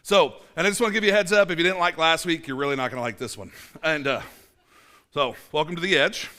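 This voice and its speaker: Speaking fast with a sharp tone and a voice on the high side, a man in his forties gives a conversational sermon in church. This pastor keeps it chatty, restarting often, leaning on fillers, and tossing in dry jokes at his own expense.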